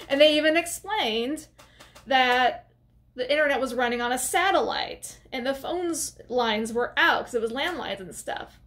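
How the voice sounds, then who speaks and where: High-voiced chatty woman reviewing a film. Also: fairly bright tone. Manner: chatty, sarcastic asides. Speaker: movie reviewer. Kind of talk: casual video review.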